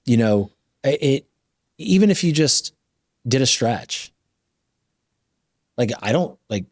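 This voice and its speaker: A man in his thirties hosts a podcast with a mid-pitched voice, building emphatic motivational points. The sound is dry and close-miked. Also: sing-song, slow pace, darkish tone, no echo. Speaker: podcast host. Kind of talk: casual interview talk.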